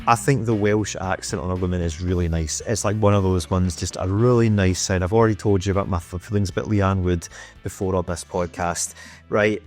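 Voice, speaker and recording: A man's voice: deep voice, fairly even intonation, brisk, a little mellow, soft background music. A man in his thirties hosting a podcast, ranting in casual, sweary, opinionated chat. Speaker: podcast host.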